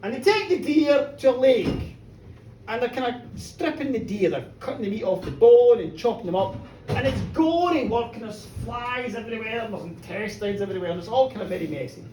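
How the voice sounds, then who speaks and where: A woman tells a folk tale live, chatty and playful, her high voice swooping up and down. She is recorded from a distance in an echoey pub with faint noise behind. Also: expressive, fairly quick, dark tone. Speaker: storyteller. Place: pub storytelling show, indoors. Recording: roomy bar, distant mic, faint noise.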